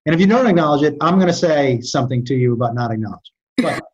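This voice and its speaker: A man's voice: a little high, expressive, fast, a little mellow, lo-fi sound. A man in casual conversation, telling stories animatedly with frequent restarts and stammers. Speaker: podcast guest. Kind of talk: storytelling in casual chat.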